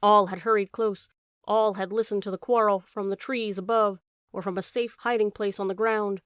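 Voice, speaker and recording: A woman reads an animal story aloud in a measured, expressive way. Her voice sits in a middle pitch. The recording is dry and close, with no room echo. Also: clear, resonant tone. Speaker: audiobook narrator. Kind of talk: storybook narration.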